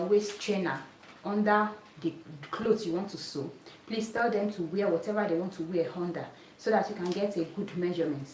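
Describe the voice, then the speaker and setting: A woman's voice: mid-range voice, darkish tone, slight background noise. Patient woman teaching sewing, roomy echo. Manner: patient, repeats steps, asks "did you see it?". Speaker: sewing instructor. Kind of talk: hands-on demonstration lesson. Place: sewing workroom with a mannequin. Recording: echoey room, voice from a distance.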